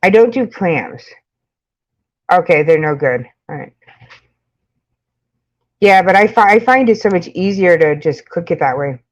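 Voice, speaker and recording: A woman's voice: fairly low pitch, expressive, a little slow, long pauses. A woman with a New York accent chatting casually with live-stream viewers, rambling with lots of fillers and frequent laughs. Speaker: makeup channel host.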